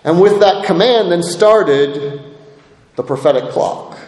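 Man, pastor, sermon, high voice, earnest, repeats key points, long hall reverb. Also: animated, slow pace, darkish tone. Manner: earnest, restates points for emphasis.

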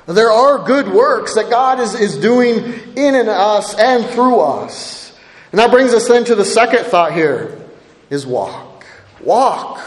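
Male pastor, sermon, high voice, conversational, echoey church hall. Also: expressive, slow pace. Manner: conversational, often asks "right?". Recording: echoey hall with long reverb.

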